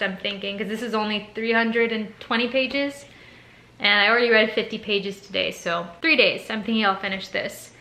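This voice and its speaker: A woman's voice: medium pitch, bright, forceful tone. A woman who is a teacher, chatting casually to camera in a vlog, rambling and laughing often. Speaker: teacher and vlogger.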